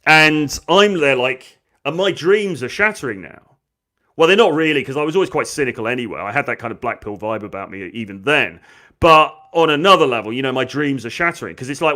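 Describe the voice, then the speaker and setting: A man's voice: medium pitch, brisk. A man, a dating coach, telling a story from his school days and acting out the lines of the people in it. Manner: animated, acts out quoted lines. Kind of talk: storytelling monologue.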